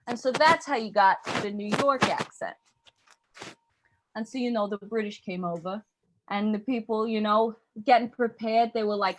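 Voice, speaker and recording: A young woman doing a stand-up comedy set, animated and slipping into accent impressions. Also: mid-range voice, normal speed.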